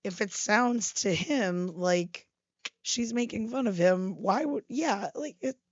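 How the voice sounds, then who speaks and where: A woman's voice: medium pitch, slow pace, no room sound. Lady chatting on a podcast, easygoing, laughs along, kinda dull audio. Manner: agreeable, short replies, laughs along. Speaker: podcast co-host. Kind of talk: casual review chat.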